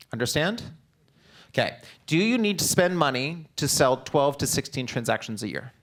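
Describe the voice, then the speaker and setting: A man's voice: medium pitch, fairly bright tone. Upbeat man coaching a seminar crowd. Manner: peppers talk with quick check-in questions to the audience; direct, coaching, upbeat delivery. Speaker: real estate seminar presenter. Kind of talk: live business seminar lecture.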